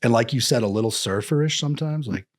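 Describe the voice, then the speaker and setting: A man's voice: medium pitch, fast talker. A man chatting as a podcast guest, joking and slipping into comic voices. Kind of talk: casual podcast chat.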